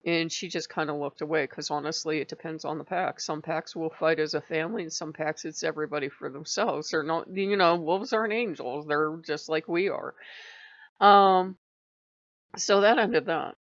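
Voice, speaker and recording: A woman's voice: low voice, normal speed, no room sound, lo-fi sound. A woman recounting her dreams and visions in a rambling, casual vlog, laughing often. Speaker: spiritual vlogger.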